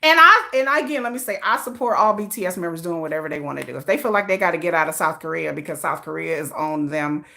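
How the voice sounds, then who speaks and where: A woman's voice: deep voice, fast, gravelly, hardly any pauses. A woman hosting a casual K-pop livestream, reading viewer comments in a sassy, slangy manner and laughing often. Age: adult, old enough to have a teenage child. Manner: sassy and animated, with slangy put-downs and frequent laughter.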